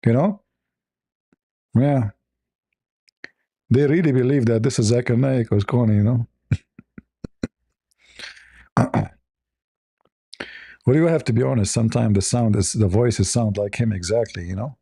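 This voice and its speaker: A man's voice: medium pitch, normal speed, long pauses, mellow, breathy edge, dry recording, studio quality. A man hosting a stream, speaking as an in a sarcastic, mocking commentary style. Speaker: livestream host.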